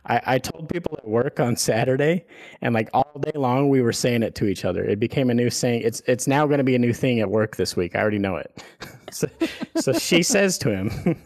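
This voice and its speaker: A man's voice: mid-range voice, darkish tone. A man co-hosting a podcast, telling a rambling, profane story in casual chat and laughing as he goes. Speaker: podcast co-host.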